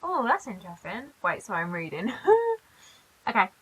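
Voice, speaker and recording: Bright-voiced young British woman chatting. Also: medium pitch, sing-song, slightly rough, poor audio. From Britain. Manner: chatty, reads aloud and reacts with quick asides. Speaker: reaction vlogger. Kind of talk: casual reaction commentary.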